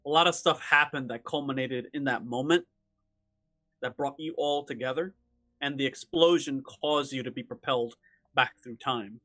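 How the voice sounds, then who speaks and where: A man voicing a calm, wry immortal man who sounds resigned to his fate, speaking low-key and dry. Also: normal speed, no room sound, lightly acted.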